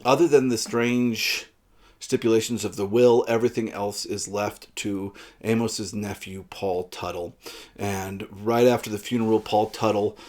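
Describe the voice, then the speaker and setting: A man with a somewhat low voice talks through a book in a relaxed, rambling way. He often stops on "uh" as he goes. He sounds like a book reviewer chatting casually to a camera. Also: measured pace. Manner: relaxed, rambling with frequent uhs.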